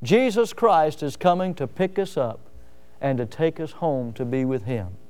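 High, smooth-voiced preacher man. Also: animated, unhurried, soft background music. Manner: preaching with sudden loud rises and soft drops; folksy storytelling with fillers. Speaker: pastor. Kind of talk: sermon.

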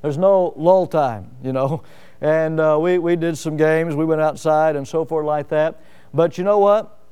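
High, smooth-voiced preacher man. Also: a little slow, highs cut off. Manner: preaching with sudden loud rises and soft drops; folksy storytelling with fillers. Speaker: pastor. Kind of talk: sermon.

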